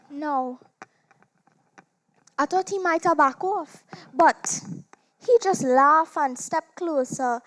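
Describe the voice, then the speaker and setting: Speaking in a high register, a Trinidadian-accented stage performer in a dramatized literature competition gives a theatrical monologue as a seductive, cloven-hoofed demon woman. She teases slyly, stretching her words out slowly, while her volume swings dramatically up and down.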